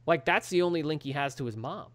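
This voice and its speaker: A fast-talking man with a slightly high voice co-hosts a podcast, casually recapping a TV episode and acting out the characters' quoted lines.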